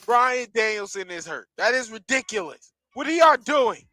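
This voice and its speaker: A man's voice: very high-pitched, animated, moderate pace, bright, forceful tone, no echo, low-quality recording. A man hosting a podcast, talking casually about wrestling in an emphatic, exclamatory way. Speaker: podcast host.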